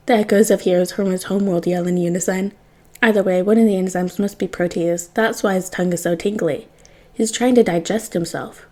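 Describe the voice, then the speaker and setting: A woman reads fan fiction aloud, narrating with a wry, expressive touch. Her voice is mellow and warm, with a middling pitch. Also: a little fast. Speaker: podfic reader.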